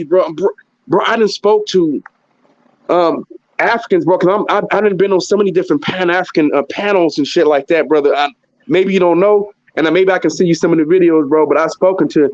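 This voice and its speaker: A man's voice: sits high, no echo, highs cut off. A man hosting, talking in a blunt, profane, heated way and often repeating himself. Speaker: host. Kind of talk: heated casual commentary.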